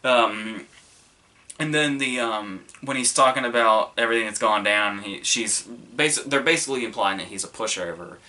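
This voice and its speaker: A man's voice: on the low side, normal speed, sharp tone. A young man hosting a podcast, reviewing films in a rambling, casual way with lots of fillers and restarts. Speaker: podcast host.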